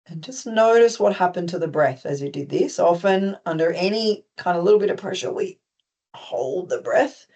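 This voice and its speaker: An instructor with an Australian accent calmly guiding a group through stretches, gently instructive with light touches of humor. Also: mid-range voice, brisk, few pauses. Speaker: movement instructor. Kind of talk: guided stretching class.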